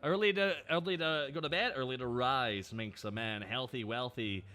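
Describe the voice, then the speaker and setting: A man's voice: mid-range voice, moderate pace, bright, forceful tone. A man streaming live, chatting casually and joking as he reads chat messages aloud. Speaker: VTuber streamer.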